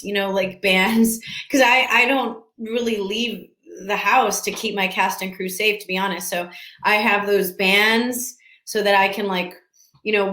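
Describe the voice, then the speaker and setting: An actress answering fan questions at a casual virtual panel from home, talking in a chatty, scattered way with lots of restarts and laughs. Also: female voice, medium pitch, fairly bright tone. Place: room at home. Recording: echoey room.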